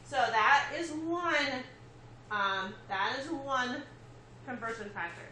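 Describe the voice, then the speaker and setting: High-voiced woman teaching chemistry. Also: animated, slow pace, pushed and bright, a little hiss or hum. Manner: explains step by step, checks in with students. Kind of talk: classroom lecture. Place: classroom. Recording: echoey classroom with faint ambience.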